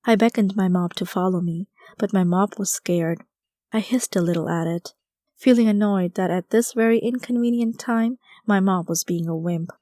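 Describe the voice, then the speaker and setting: A woman's voice: medium pitch, moderate pace, mellow, no room sound, clean studio sound. A woman reading a first-person story aloud as an audiobook narrator, in a wry, conversational storytelling manner.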